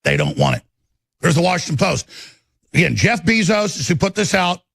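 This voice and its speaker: Middle-aged male host with a raised, raspy voice, ranting furiously and repeating himself on a live broadcast. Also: fairly high pitch, lively intonation, moderate pace, fairly bright tone, no echo. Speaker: talk radio host. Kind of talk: angry political broadcast rant.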